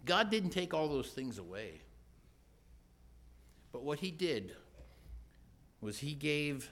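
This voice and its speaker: A man preaching a sermon in church, earnest, moving between loud questions and hushed retelling. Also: a little high, very animated, slow pace, long pauses.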